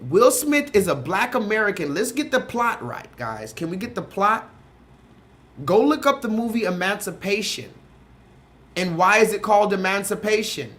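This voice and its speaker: A man with a high-pitched voice hosts a livestream. He rants with animated energy, riffs on his topic and breaks off to talk to viewers in the chat. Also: normal speed. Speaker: livestream host. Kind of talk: livestream rant.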